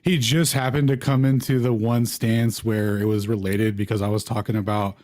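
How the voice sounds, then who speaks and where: A man's voice: on the low side, moderate pace, dry recording, studio quality. A man telling stories in a casual online group voice chat, laughing often and acting out what others said. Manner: laughing, animated storytelling. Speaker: discussion participant. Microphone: online audio call.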